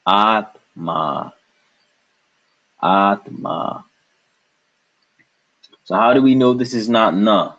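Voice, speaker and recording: A man with a medium-pitched voice speaks fairly quickly with few pauses while teaching a slow, step-by-step language lesson. He patiently breaks words into syllables and repeats them, captured on a dull lo-fi recording.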